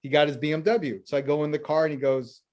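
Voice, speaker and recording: A man, a financial planner interviewed as a guest, telling lively anecdotes full of quoted dialogue. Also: on the high side, fast talker. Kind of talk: storytelling in a conversational interview.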